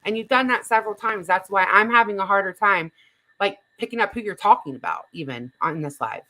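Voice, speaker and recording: Bright-voiced woman chatting on a livestream. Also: mid-range voice, lively intonation, a little fast, rough recording. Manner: chatty, bemused, reads chat aloud. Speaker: livestream host reacting to a clip. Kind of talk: casual livestream commentary.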